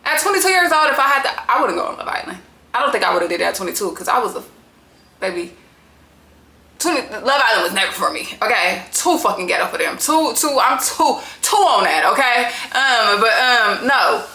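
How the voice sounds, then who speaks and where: A woman's voice: on the high side, lively intonation, fairly quick, creaky, pushed and bright, echoey room. A woman recapping a reality show in a casual, profane and opinionated way.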